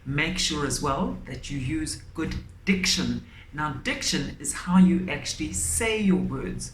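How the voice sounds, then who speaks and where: A woman teacher giving a lesson for children, speaking clearly and deliberately and stressing key words. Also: low-pitched, expressive. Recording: echoey room, faint background noise.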